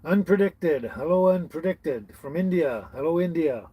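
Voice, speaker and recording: A man's voice: fairly high pitch, moderate pace, hardly any pauses, dark tone, husky, low-quality recording. A man hosting a casual livestream, greeting each viewer by name in a friendly, chatty way. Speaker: livestream host. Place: tiny house on wheels.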